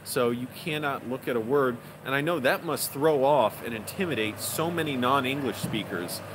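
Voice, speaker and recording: A man's voice: medium pitch, moderate pace. A man vlogging outdoors in a casual, rambling way, with lots of fillers. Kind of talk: casual vlog talk. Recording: outdoor street noise behind.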